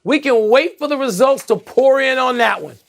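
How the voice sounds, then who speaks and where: Gravelly, very high-voiced, incredulous sports host. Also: male voice, normal speed. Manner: incredulous, dismissive and animated. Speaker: sports talk show co-host. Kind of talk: sports debate.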